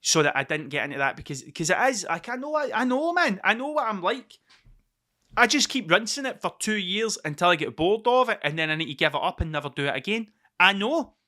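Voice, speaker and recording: A man's voice: high-pitched, big pitch swings, brisk, pushed and bright. A Scottish man in his thirties hosting a podcast, telling a rambling story in a casual solo monologue, swearing heavily and repeating himself. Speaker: podcast host.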